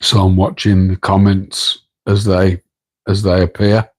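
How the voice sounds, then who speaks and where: A man with an English Midlands accent chatting on a late-night live stream from home. His voice sits very low and stays flat, with little rise and fall. He rambles, makes fun of himself and talks back to the comments, keeping quiet so he won't wake the house. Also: a little slow, low-quality recording. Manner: rambling, self-deprecating, chatting to viewers in chat. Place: home, room next to an aquarium tank. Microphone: microphone on a tripod.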